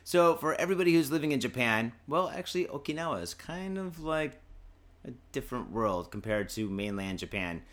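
Brisk and expressive, a tipsy man hosts a podcast from Japan in a medium-pitched, fairly bright voice. His drunk monologue rambles on, rowdy and profane, with "dude" sprinkled everywhere.

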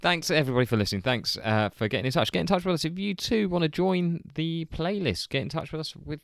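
A man's voice: fairly high pitch, expressive, quick pace, vocal fry, dry recording, clean studio sound. A man hosting a podcast in casual chat, laid-back and trailing off with fillers. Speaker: podcast host.

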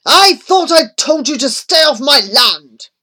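A woman's voice: high-pitched, big pitch swings, takes it slowly, pushed and bright, voice pushed up, full character voice. A woman barking as an angry threatening landowner.

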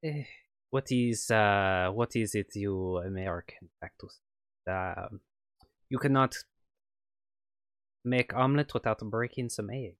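Man voicing a scheming French woman scientist, French accent, wavering, low, dry sound. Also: takes it slowly, pauses often, clear, resonant tone, no room sound. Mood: cold, reasoning. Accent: French, put on.

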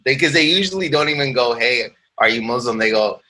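A Canadian man, an actor, talking casually in an interview and acting out quoted exchanges with lively laughs. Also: mid-range voice, a little slow, breathy edge. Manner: animated storyteller, acts out quoted exchanges, laughs often. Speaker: actor guest.

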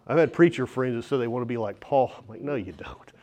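A man's voice: mid-range voice, fast talker. Guy pastor giving a sermon, chatty, reads scripture then gets worked up and laughs at himself. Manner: conversational preaching with self-deprecating asides and laughs; reads scripture aloud, rising animated at personal points.

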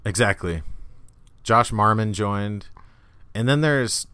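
A man's voice: on the low side, takes it slowly, pushed and bright, clear, resonant tone, no room sound. A man co-hosting a podcast in casual chat, rambling and self-mocking and laughing often. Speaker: podcast co-host.

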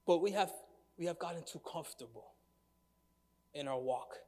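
A man's voice: on the high side, moderate pace, darkish tone, big-room sound, a little hiss or hum. A man preaching a sermon in a conversational way, asking the congregation questions and reading from scripture. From United States. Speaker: pastor.

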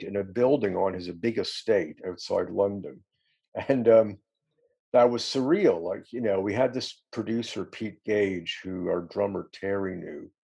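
A middle-aged man recalls his band's history in a casual, rambling interview. His voice is low and dark, with a gravelly, husky grain. He laughs easily and pokes fun at himself. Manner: rambling storyteller, self-deprecating, laughs often. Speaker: musician guest.

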